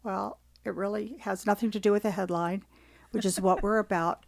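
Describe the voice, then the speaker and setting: A woman's voice: medium pitch, fairly even intonation, moderate pace, creaky, a little mellow. Female podcast co-host, mid-range voice, playful banter. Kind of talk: casual chat.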